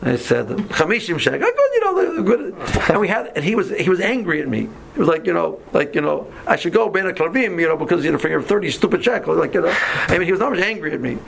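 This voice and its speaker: Gravelly-voiced man telling a story. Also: a little high, quick pace, hardly any pauses, slight background noise. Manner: animated, acts out dialogue, frequent restarts. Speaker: Torah teacher. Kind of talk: storytelling in a class.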